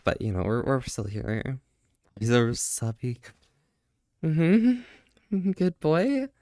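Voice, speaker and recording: A man's voice: mid-range voice, a little mellow, smooth, no echo, clean studio sound. A man hosting a live stream in a casual, playful and flirty way, laughing often and stammering through restarts. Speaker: livestream host.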